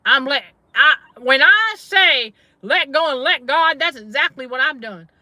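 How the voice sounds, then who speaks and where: A middle-aged woman talks to her viewers in a casual testifying style, repeating key phrases for emphasis. Her voice is high and very bright. The sound is dry and close. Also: expressive, a little slow, dry recording. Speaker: faith-based trauma coach and channel host. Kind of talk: casual livestream preaching.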